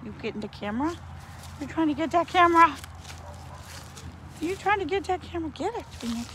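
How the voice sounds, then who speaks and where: High, lively woman cooing to animals. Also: brisk, a little hiss or hum. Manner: coos to animals in sing-song baby talk. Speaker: animal rescue owner. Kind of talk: casual vlog, talking to animals.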